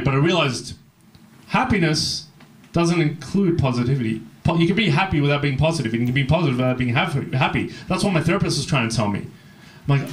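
A man's voice: on the high side, lively intonation, brisk. A man doing a rambling, self-deprecating stand-up set full of swearing, acting out other people's voices. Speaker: stand-up comedian. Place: comedy club stage.

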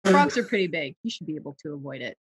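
A woman's voice: deep voice, animated, fast, a bit bright, slightly rough, dry recording. A woman narrating as game master in an online tabletop game, with dry, wry asides.

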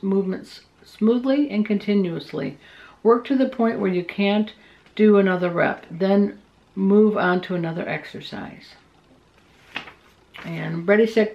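Middle-aged woman vlogger, gravelly fry, chatty and digressive, lo-fi sound. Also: mid-range voice, a little mellow. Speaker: vlogger recapping a weight-loss meeting. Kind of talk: casual chat, reading tips aloud.

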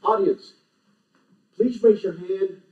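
A man giving an animated, emphatic lecture to a live audience, speaking in short punchy phrases. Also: high voice, slow. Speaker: conference speaker. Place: large lecture hall. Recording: echoey hall, distant, dull lo-fi.

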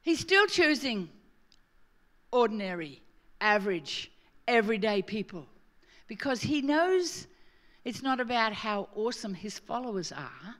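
A middle-aged Australian woman preaching a sermon, joking and swinging from quiet asides to loud emphasis. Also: a little high, very animated, measured pace. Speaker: pastor.

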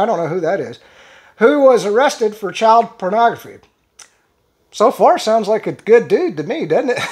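Sarcastic man reading posts aloud. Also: very high voice. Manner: sarcastic, conversational asides; halting, restarts words while reading. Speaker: channel host. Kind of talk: solo commentary reading out social media posts.

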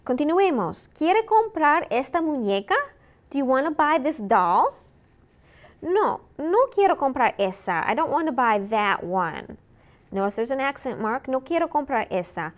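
A woman teaching a Spanish lesson, saying each word slowly and clearly and repeating it in drills. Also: high-pitched, very animated. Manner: slow, clear drilling with repetition. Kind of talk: recorded language lesson.

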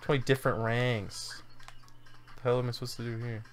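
A man's voice: mid-range voice, level tone, fairly quick, music in the background. A young man hosting a casual let's-play, laid-back and joking, laughing often and swearing casually. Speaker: host.

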